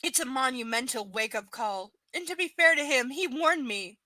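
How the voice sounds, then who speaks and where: A woman with a high, sharp voice reads a book aloud and keeps cutting in with scornful, swearing commentary. The sound is close and dry, with no room around her. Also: expressive, normal speed, no room sound. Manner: sarcastic, profane, exasperated asides. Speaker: live book reader. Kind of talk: live reading with ranting commentary.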